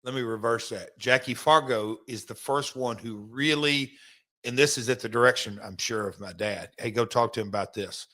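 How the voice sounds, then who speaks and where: Bright-voiced man rambling emphatically. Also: medium pitch, moderate pace. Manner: rambling, emphatic storyteller with many restarts. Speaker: podcast host, former wrestler. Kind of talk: casual podcast chat.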